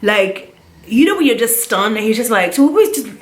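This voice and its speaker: A woman telling a personal story in a casual vlog, animated and chatty, with plenty of filler words. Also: on the high side, normal speed. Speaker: vlogger. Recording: roomy echo.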